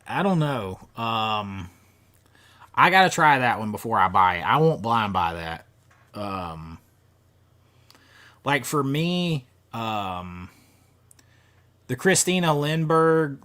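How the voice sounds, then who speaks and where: Animated rambling man hosting a livestream. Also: medium pitch. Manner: rambling, many fillers and restarts. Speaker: livestream host. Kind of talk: casual live chat reading viewer comments.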